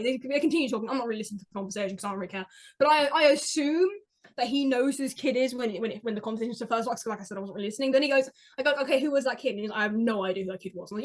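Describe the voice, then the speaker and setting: A woman telling stories in an excitable, rambling way on a podcast, with many restarts. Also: high voice, fast. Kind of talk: casual chat, rambling storytelling. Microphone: podcast mic.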